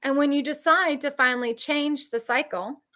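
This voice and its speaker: A woman coaches trauma survivors in a candid, emphatic talk, repeating key phrases and answering viewers. She speaks at normal speed in a bright, forceful voice. At times she imitates other people in high, shrill outbursts.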